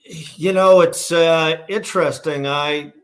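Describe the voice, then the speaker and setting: A man's voice: fairly high pitch, fairly even intonation, slow pace. Boston-accented man telling stories. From Massachusetts, USA. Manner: rambling, many restarts and fillers. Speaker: guest, shoe company founder. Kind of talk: casual interview storytelling.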